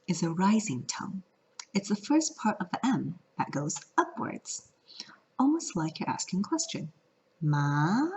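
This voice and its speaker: A woman's voice: on the low side, a little mellow, breathy edge. A woman from California teaching a vlog lesson, playful and singing out the example tones. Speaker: Mandarin teacher. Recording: lo-fi audio.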